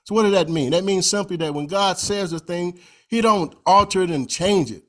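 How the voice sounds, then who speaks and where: A man's voice: high-pitched, moderate pace. A man giving a slide presentation over a video call, talking in a folksy, conversational way and stretching out recited phrases for emphasis.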